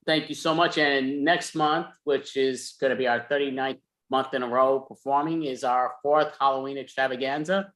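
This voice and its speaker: A man's voice: mid-range voice, steady tone, normal speed, fairly bright tone. A man hosting an online comedy show over a video call, thanking performers and introducing acts. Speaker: show host.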